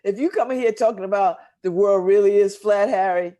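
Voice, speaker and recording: A woman's voice: medium pitch, a little fast, mellow. An American woman hosting a talk show, chatting casually and laughing often as she teases her guest. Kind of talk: casual chat.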